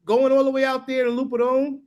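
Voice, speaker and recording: A man's voice: extremely high pitch, completely flat delivery, fairly quick, darkish tone, clear, resonant tone. A man on a live stream talking casually and rambling, often asking "you know what I mean?". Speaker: guest building in the Caribbean.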